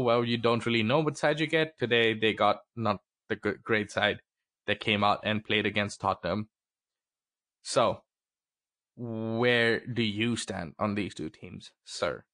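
A man's voice: on the low side, pushed and bright, no echo, clean studio sound. A man co-hosting a football podcast, steering the game-by-game review in casual talk with plenty of ums and the odd swear. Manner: leads the segments, filler-heavy, occasionally crude. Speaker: podcast co-host, football fan.

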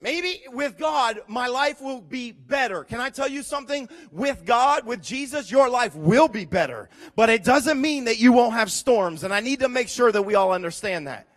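A man preaching a sermon to his congregation, swinging from quiet, earnest passages to loud, dramatic storytelling and direct appeals. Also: very high voice, animated, moderate pace, hardly any pauses. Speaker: pastor.

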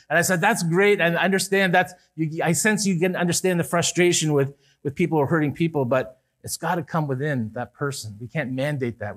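A man with a notably high-pitched voice delivers a church sermon. He talks earnestly, pushing up for emphasis and dropping quiet at the ends of points. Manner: earnest, rises and falls with emphasis, some restarts. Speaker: pastor.

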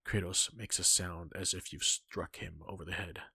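Husky, gravelly male story reader. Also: low voice, fairly even intonation, normal speed, sharp tone, no echo. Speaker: fan-fiction reader. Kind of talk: second-person story reading.

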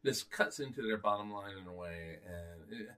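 A man co-hosting a casual podcast, opinionated and halting, restarting sentences and sighing. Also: lowish voice, pushed and bright. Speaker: podcast co-host. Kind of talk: casual chat.

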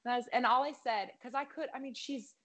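A woman's voice: fairly high pitch, fast talker, a bit bright. A woman, a singer guest on a podcast, telling a long story in casual chat with many fillers. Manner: chatty, lots of fillers and likes.

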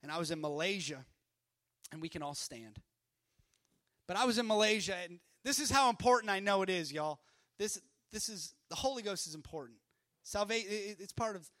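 A man from Canada preaching a sermon at a church service, impassioned, moving between loud declarations and hushed storytelling. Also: high-pitched, lively intonation, normal speed, dry recording, studio quality.

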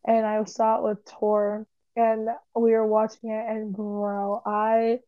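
A woman's voice: medium pitch, completely flat delivery, slow pace, dry recording, phone-quality sound. A woman, a teacher, chatting casually in a playful, teasing and blunt way. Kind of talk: casual chat.

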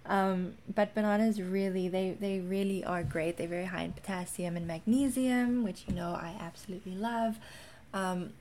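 A woman's voice: medium pitch, fairly even intonation, normal speed, a little mellow, slight background noise. A woman from South Africa with a mixed South African accent, chatting casually in a vlog, rambling with lots of ums. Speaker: wellness content creator.

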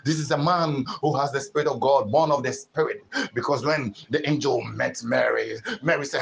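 A man preaching a sermon, building rhythmic repeated phrases that swell into loud, fervent peaks. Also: mid-range voice, moderate pace, creaky, hardly any pauses, a little hiss or hum, low-quality recording. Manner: rhythmic repetition with sudden swells.

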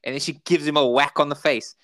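A South African man co-hosting a podcast, casually retelling sitcom scenes and jumping into high, squeaky imitations of the characters. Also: steady tone, quick pace, a bit bright, dry recording. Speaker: podcast co-host. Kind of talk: casual chat.

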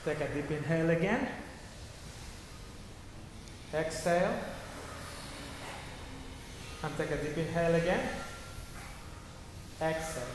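A man teaching a guided laughter meditation class, giving instructions and checking in with a repeated "okay?". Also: fairly high pitch. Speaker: yoga teacher. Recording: echoey hall with faint noise.

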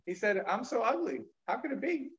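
A man's voice: very high voice, sing-song, fairly quick, pitched above the performer's own voice. A man voicing an insulted ugly old man in a plaintive, rising voice, on a muffled recording. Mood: indignant.

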